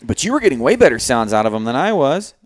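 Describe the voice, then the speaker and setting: A man hosting a casual chat, laid-back and hesitant, often pausing to restart his sentences. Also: medium pitch, very animated, no echo, studio quality.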